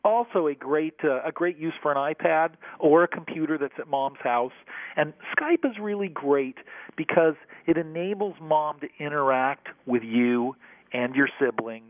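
A man's voice: a little high, normal speed, no room sound. A man on a radio show giving earnest tech gift advice, leaning on key words as he explains. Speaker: tech guest expert on radio. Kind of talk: radio segment chat. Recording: tinny phone line.

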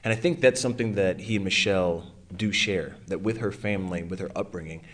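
An actor answering interview questions in a relaxed, halting way. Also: male voice, deep voice.

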